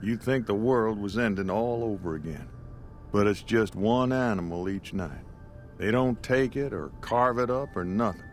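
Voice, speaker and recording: An actor voicing a weary middle-aged rancher in a small desert town, speaking in a plain folksy rural way, as video game dialogue with faint music behind. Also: male voice, fairly low pitch, moderate pace, lightly acted.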